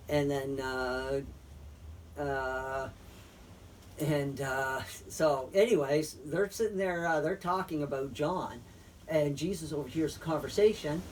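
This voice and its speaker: A man's voice: a little high, a little hiss or hum. A man casually retelling a story in a faith chat, rambling with fillers and swearing. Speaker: friend in a faith discussion. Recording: distant mic.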